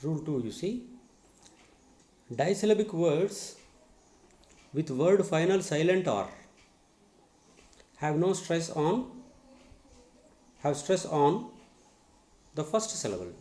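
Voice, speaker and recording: A man with an Indian English accent teaching English pronunciation in a slow spoken lesson, repeating words to model stress and drilling his students. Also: fairly high pitch, sing-song, mellow. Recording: echoey room.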